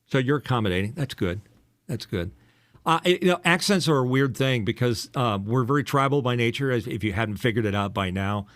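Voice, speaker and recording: With an expressive, medium-pitched voice and a slightly fast delivery, this older East Coast man, once a radio DJ, hosts a laid-back podcast. He sounds polished but teases and rambles with plenty of fillers, and there's no room sound.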